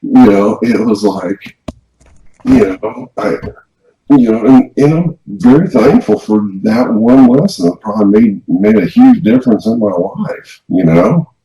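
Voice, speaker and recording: A man's voice: medium pitch, big pitch swings, a little slow, gravelly, mellow. A man co-hosting a podcast, telling a personal story in a rambling, casual way with frequent restarts. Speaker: podcast co-host. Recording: roomy, dull lo-fi sound.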